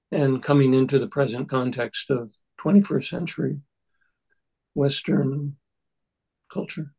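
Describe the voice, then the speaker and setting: An older man leading a text study group, speaking in a halting, thoughtful way with many restarts. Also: fairly high pitch, creaky, darkish tone, husky, poor audio. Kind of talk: discussion of a Buddhist text.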